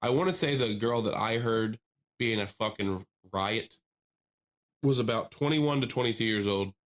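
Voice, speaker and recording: A man co-hosting a podcast, telling a long story in casual chat with lively animation, often laughing and mimicking the people he quotes. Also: on the low side, moderate pace. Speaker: podcast co-host.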